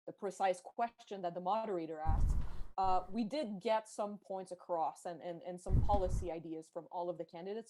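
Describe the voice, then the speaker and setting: A woman's voice: on the low side, a little mellow. A woman guest on a political podcast, speaking carefully and diplomatically with many hesitations. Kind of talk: political commentary.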